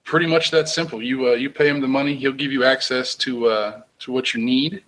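A man's voice: medium pitch, fairly even intonation, fairly quick, a bit bright, a little hiss or hum, poor audio. A man running a tabletop role-playing game, laid-back, with many filler sounds. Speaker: game master. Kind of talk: casual game narration.

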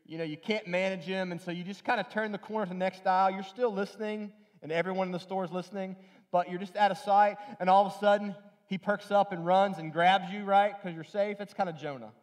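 A man's voice: high voice, steady tone, fast. A male pastor preaching a sermon earnestly, repeating phrases for emphasis and often restarting his sentences. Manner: acts out quoted lines in a raised, pleading voice.

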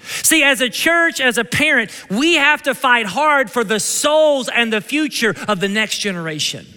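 A man with a Kentucky twang preaches with high-pitched, bright energy. He cracks jokes and keeps calling for amens. His voice rings out with a long church-hall reverb. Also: moderate pace, clear, resonant tone. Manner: energetic, joking, calls out for amens. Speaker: pastor. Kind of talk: sermon.

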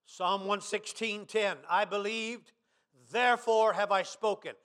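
Pastor guy preaching, real high bright voice, goes quiet then shouts. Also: fairly even intonation, a little slow. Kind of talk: sermon.

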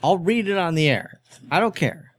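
Playful, animated man hosting a podcast. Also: on the high side, normal speed, dry recording. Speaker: podcast host. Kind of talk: casual podcast chat and dramatic reading.

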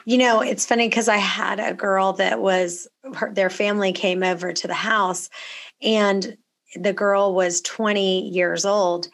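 A woman's voice: medium pitch, fairly even intonation, unhurried. A woman hosting a podcast, chatting with a guest and telling stories in an upbeat way. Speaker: podcast host. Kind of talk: casual interview chat and read ad.

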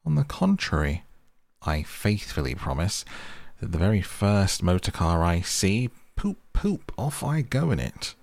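A man voicing a boastful, excitable male toad who talks impatiently and bursts into high outbursts. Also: unhurried, gravelly, few pauses, no echo, heavily acted. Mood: gushing.

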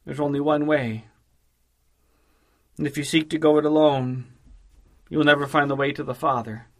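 A man preaching a devotional sermon in a measured, emphatic way, slowing down on key phrases. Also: on the high side, steady tone, a bit bright.

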